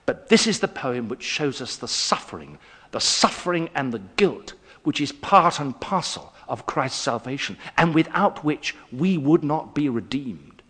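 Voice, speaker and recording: Husky man lecturing in an echoey hall. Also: unhurried. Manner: expressive storyteller, pitch swinging widely. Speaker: guest lecturer. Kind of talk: evening lecture on poetry.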